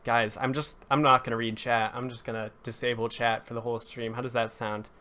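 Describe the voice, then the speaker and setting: A man's voice: medium pitch, little pitch movement, fairly quick, few pauses, sharp tone. A young man live-streaming a building session, rambling and correcting himself as he greets viewers and talks to chat, his voice cracking now and then. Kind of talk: casual live-stream commentary while building.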